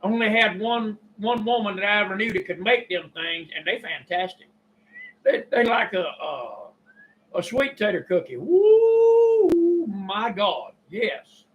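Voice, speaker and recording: An older man with a Kentucky drawl, talking in a rambling, folksy monologue and clearing his throat often. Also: high voice, moderate pace, highs cut off. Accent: Southern US (Kentucky). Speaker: YouTube preacher and storyteller. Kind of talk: casual monologue.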